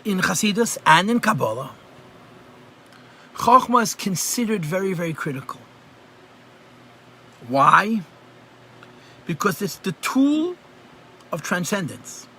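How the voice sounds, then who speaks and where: Male rabbi, live class over a computer mic; higher-pitched, conversational, repeats himself for emphasis. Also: pushed and bright, husky. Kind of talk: live online Chassidus lesson. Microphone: computer mic on a video call.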